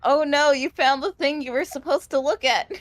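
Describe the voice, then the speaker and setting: A woman chatting casually with friends on a stream, cracking teasing deadpan jokes. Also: high-pitched, normal speed, no room sound. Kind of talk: casual chat.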